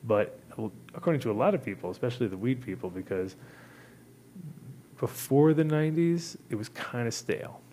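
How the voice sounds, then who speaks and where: A man's voice: mid-range voice, expressive, a little fast, warm tone, slight background noise. A man hosting a show, telling a long casual story full of swearing and acted-out quotes. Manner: rambling, profane, acts out voices in quotes. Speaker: host.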